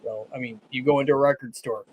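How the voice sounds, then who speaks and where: A man's voice: mid-range voice, fairly even intonation, fast, darkish tone, slightly rough, highs cut off. A man in a casual podcast chat, speaking hesitantly with many fillers.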